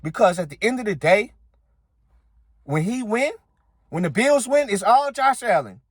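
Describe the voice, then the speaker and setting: Man, fired-up sports rant, slightly high voice, dry close sound. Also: sing-song, moderate pace, no room sound. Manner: heated, repetitive, talks straight to viewers. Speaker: sports commentary channel host. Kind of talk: casual sports opinion rant.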